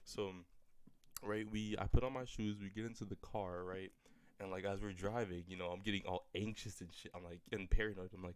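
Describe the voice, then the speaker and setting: A man's voice: deep voice, fairly even intonation, fairly quick, smooth, dry recording. A young man telling a personal story in a rambling, profane way, full of filler words. He is a little sick, and his voice sounds slightly off. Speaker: storyteller vlogger. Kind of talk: casual storytelling.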